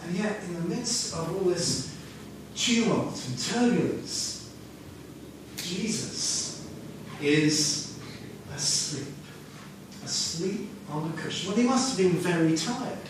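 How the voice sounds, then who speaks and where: Unhurried man preaching in an echoey church. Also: high voice, lively intonation, noisy background. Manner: conversational, storytelling, half-sings lyrics. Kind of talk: sermon. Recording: echoey room from far off.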